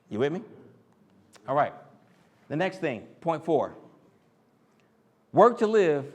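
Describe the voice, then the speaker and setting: A man preaches with lively, swooping pitch, acting out voices of complaining coworkers. His voice sits a little high for a man, and he keeps a casual, joking touch with the crowd. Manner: animated, acts out quoted voices and jokes with the crowd. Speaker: speaker in a church teaching series. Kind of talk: sermon.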